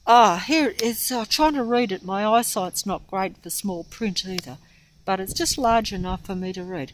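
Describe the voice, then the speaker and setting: A woman's voice: mid-range voice, moderate pace, poor audio. An older woman vlogging outdoors, rambling and losing her place as she reads a plaque, often out of breath. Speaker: local history vlogger. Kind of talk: rambling walking vlog.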